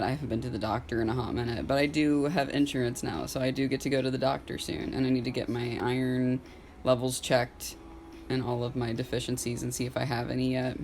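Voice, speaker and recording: A woman's voice: extremely low pitch, fairly even intonation, fast, darkish tone, a little hiss or hum. A young woman, talking casually and candidly to camera in a personal vlog, full of "like" and open about her feelings. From Southern United States. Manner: casual, candid, filler-heavy, with frequent "like"; openly emotional at times.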